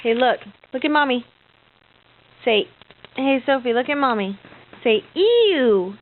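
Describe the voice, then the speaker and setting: A woman's voice: a little high, a little slow, phone-quality sound, a little hiss or hum. A mother filming her toddler at home, coaxing her in sing-song baby talk. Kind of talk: home video.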